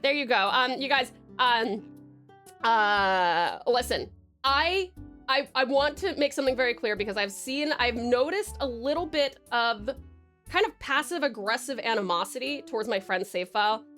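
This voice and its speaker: High bouncy woman streamer chatting w her chat, giggles a lot, lots of ums, faint music underneath. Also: expressive, normal speed. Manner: giggly, chatty, warm toward chat, many fillers. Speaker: livestreamer. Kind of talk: casual livestream chat.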